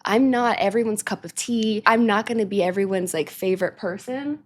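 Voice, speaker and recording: A woman hosting a music reaction, chatting casually and animatedly, laughing often and now and then cooing softly at her cat. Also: mid-range voice, fairly quick. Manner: drops to soft baby talk with her cat. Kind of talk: casual chat.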